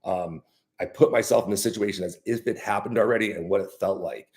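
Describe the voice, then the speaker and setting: A young man with a slightly low voice tells a fishing story in a loose, casual monologue. He rambles, doubles back on his words and leans on fillers as he goes. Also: fairly quick, darkish tone. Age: young adult. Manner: rambling, with many fillers and restarts. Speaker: fishing guide.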